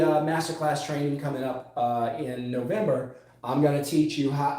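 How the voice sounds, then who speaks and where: A male sales coach delivers an emphatic, repetitive lesson in a mellow, fairly high voice. His words ring out in a very echoey room. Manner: emphatic, repeats key phrases, drawls words for stress.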